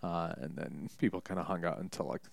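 A man's voice: sits low, a little fast, vocal fry, dry recording. A young man chatting casually, telling rambling, joking stories full of fillers and restarts. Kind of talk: casual storytelling chat.

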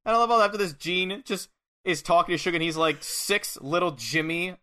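A man with a bright, fairly high voice talks in an easy, casual chat. He recaps eagerly and laughs often. A lingering cough sits under his talk. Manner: laughing, animated recapping with quick acted-out quotes. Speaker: podcast co-host.

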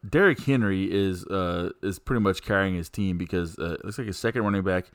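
A man's voice: sits low, a little fast, clean tone, no room sound. A man hosting a casual podcast, talking in an easygoing, rambling way with lots of fillers. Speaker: podcast host.

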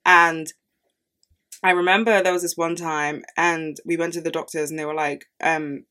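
A woman's voice: deep voice, fairly even intonation, moderate pace, bright, forceful tone. A young woman in her early twenties hosting a solo podcast, chatting casually, swearing often and ranting with dramatic outbursts. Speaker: podcast host.

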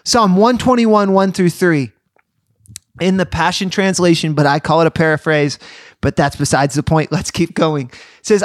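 Podcast co-host, male, bright high voice, earnest teaching tone, dry studio sound. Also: fairly even intonation, no echo. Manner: earnest, preacherly, reads scripture slowly. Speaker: podcast co-host and youth leader. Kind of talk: casual faith podcast chat with scripture reading.

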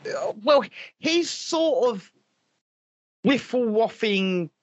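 Brief: male host, high voice, sweary and mocking, dry dull audio. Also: animated, drawn-out words, no room sound. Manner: profane, mocking, rambling with restarts. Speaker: show host. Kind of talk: casual comedic podcast chat.

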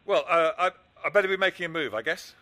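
A man's voice: fairly high pitch, quick pace, pushed and bright. An actor playing an easygoing man who jokes around and slips into a mock Italian accent, in a radio drama. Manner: breezy, joking, puts on a mock Italian accent. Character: easygoing adult man, the woman's partner.

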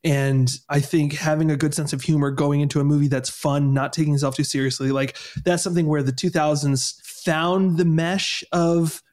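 A man's voice: a little high, fairly even intonation, moderate pace, few pauses, darkish tone. A man in casual podcast chat, jokey and enthusiastic.

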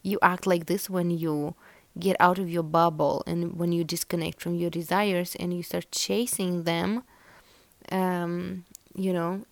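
A woman's voice: on the low side, a little mellow, no room sound. A young woman hosting a podcast, chatting casually and giving a collective tarot reading, meandering with many fillers. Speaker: podcast host.

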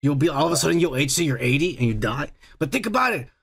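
Podcast co-host, male, gravelly, profane banter. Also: a little high, sing-song, fast talker. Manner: crude, profane, joking banter. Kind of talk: casual chat.

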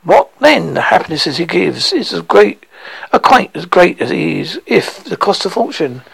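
A man reading a classic novel aloud, halting over words and restarting them. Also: high-pitched, sing-song, creaky, a bit bright, breathy edge, no room sound, rough recording. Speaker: reader.

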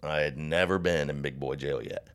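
A man with an extremely low, gravelly voice, talking in a relaxed, rambling way. He tells folksy stories and slips into voices for the people in them. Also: moderate pace. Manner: rambling, folksy storyteller, acts out voices in his anecdotes. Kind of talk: casual storytelling chat.

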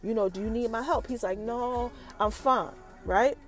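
A woman hosting a podcast, recapping an episode in an animated casual chat that talks straight to her listeners. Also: on the high side, moderate pace. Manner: animated, addresses listeners directly as y'all. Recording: light background music.

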